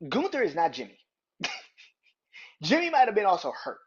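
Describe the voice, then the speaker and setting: Man, podcast host, profane heated rant, husky voice, lively swinging pitch, dull lo-fi sound. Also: moderate pace. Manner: heated, profane, emphatic ranting. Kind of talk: ranting wrestling podcast. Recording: dull lo-fi audio.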